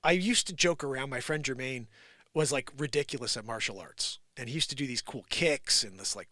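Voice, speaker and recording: Middle-aged male host, New Jersey accent, bright forceful tone, dry close sound, animated storyteller. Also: medium pitch, no room sound. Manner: animated storytelling, acts out quoted voices, swings from loud to hushed. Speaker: live show host. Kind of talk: casual livestream monologue.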